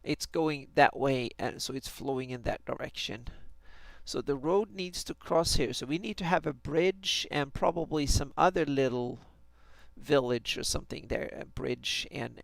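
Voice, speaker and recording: Brief: man, mid pitch with gravelly fry, dry close sound, musing hesitantly while streaming map work. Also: no echo. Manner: hesitant, many restarts and fillers. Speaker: fantasy map maker streaming his work. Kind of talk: thinking aloud on a live stream while drawing a map.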